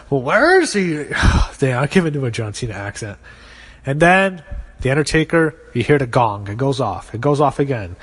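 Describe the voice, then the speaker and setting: Blunt, opinionated man with a slightly high voice. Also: long reverb tail. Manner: opinionated, blunt, swears freely. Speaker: wrestling show host. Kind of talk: casual prediction commentary.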